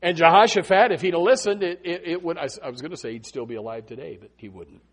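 A man preaching a Baptist sermon, swinging from loud emphatic bursts to hushed asides. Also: on the high side, fast, slight background noise.

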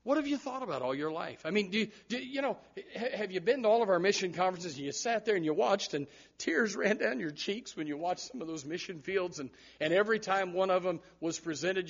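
A male pastor preaching a sermon in church, animated, with repeated words and sudden loud rises. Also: sits high, brisk, hardly any pauses, dull audio.

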